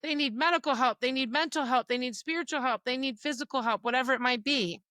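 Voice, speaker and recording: A woman's voice: sits high, fast talker, bright, forceful tone, dry recording. A middle-aged woman co-hosting a faith podcast, speaking earnestly and emotionally about parenting. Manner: earnest, emotional at times, uses quoted dialogue. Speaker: podcast co-host. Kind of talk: personal faith talk.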